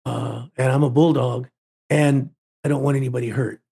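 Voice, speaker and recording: A man's voice: mid-range voice, fairly even intonation, moderate pace, vocal fry, mellow, breathy edge. A man voicing a friendly, eager teenage boy student as he retells a story. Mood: earnest.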